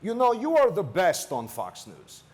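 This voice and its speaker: Guy doing a slavic-accented cab driver, slow broken english, pitched up high. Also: huge pitch swings, darkish tone, exaggerated voice. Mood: delighted. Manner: slow, broken simple phrasing. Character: earnest male immigrant cab driver, admiring.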